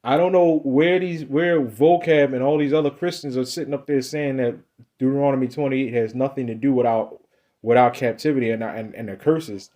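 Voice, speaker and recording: A man's voice: mid-range voice, fairly even intonation, brisk, dark tone. A man preaching in a loose, conversational way, emphatic and repetitive, often ending phrases with "man". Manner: loose, conversational slang and restarts. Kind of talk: casual Bible teaching.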